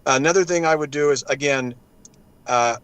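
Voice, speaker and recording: A man's voice: a little high, normal speed, clear, resonant tone, low-quality recording. Man talking law, acting out judges. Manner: animated, acts out judges in quoted asides. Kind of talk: casual panel discussion.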